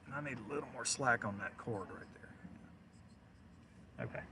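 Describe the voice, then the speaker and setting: A man's voice: mid-range voice, animated, moderate pace, sharp tone, a little hiss or hum. A man chatting casually on a storm-chasing livestream from inside his car, rambling through stories and chuckling often. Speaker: storm chaser streaming live. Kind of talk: casual live-stream chat.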